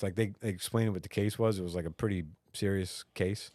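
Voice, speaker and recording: A man's voice: lowish voice, brisk, a little mellow, no room sound, studio quality. A man co-hosting a casual podcast, a rambling comic storyteller with many fillers and restarts. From United States. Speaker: podcast co-host; stand-up comic. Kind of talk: casual chat.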